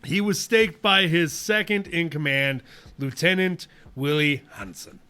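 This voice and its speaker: A man co-hosting a casual podcast, animated and laughing often as he reads his notes aloud. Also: fairly high pitch, measured pace, clean tone. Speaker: podcast co-host. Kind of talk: casual chat.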